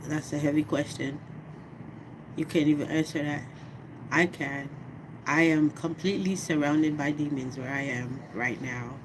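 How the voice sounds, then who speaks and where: A middle-aged woman speaks slowly and heavily to camera, her voice sitting a little low. She talks in a casual, heartfelt way and keeps asking if you follow her. A steady background noise hums under her. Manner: slow, heartfelt, conversational, often asks "you know what I mean". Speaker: vlogger. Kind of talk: personal vlog monologue.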